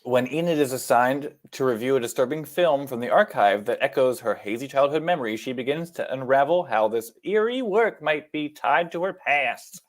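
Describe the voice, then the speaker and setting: A man's voice: medium pitch, expressive, moderate pace, hardly any pauses. A man with an American accent, co-hosting a podcast in casual, jokey chat, swearing freely and laughing at himself. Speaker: podcast co-host.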